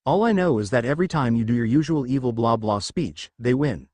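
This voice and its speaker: A man's voice: medium pitch, expressive, brisk, a little mellow, dry recording, lightly acted. A man voicing a sarcastic, scoffing female villain sidekick in a read-aloud story, in close to his own voice.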